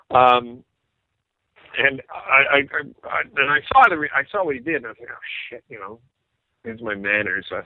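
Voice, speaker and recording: A man's voice: medium pitch, dry recording. Man telling stories on a tinny line. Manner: animated anecdotes, acts out quoted dialogue. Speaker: interview guest, rock bassist. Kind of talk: casual storytelling. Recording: dry tinny phone-like sound.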